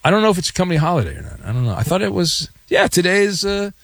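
Wisecracking sports radio host, lively. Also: male voice, high voice, rapid-fire, dry recording, studio quality. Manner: wisecracking, sarcastic. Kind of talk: call-in sports radio chat. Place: radio studio.

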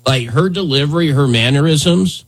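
A man's voice: fairly high pitch, normal speed. A man hosting a casual talk show, rambling with many fillers and restarts. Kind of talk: casual talk radio chat.

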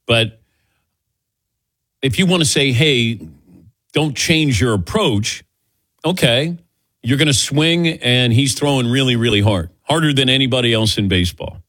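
A man hosting a sports radio show, talking in an animated, casual way. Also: mid-range voice, dry recording. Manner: animated, quick back-and-forth. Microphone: studio microphone.

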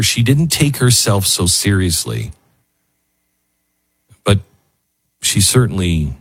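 Male talk show host, low and husky, emotional and rambling, dry close sound. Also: dry recording. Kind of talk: casual talk radio monologue.

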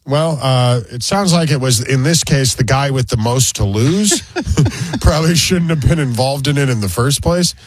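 A man's voice: medium pitch, normal speed, husky, dry recording, rough recording. A man hosting talk radio, working through sports headlines and adding his own wry asides. His voice sits in a middle register and is recorded close and dry, with no room around it. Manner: reads headlines then riffs dryly. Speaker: radio show co-host. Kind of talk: casual talk radio banter, reading news items.

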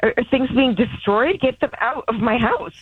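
A woman's voice: a little high, normal speed, breathy edge, dry recording. A woman on a phone call, confused and stammering, growing upset as she asks questions. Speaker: prank call target.

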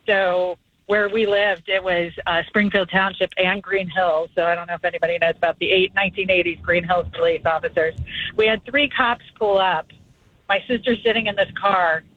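A man calling in to a radio show, telling a story in a brisk, chatty way. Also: sits high, fairly even intonation, no echo. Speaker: caller. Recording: tinny phone line.

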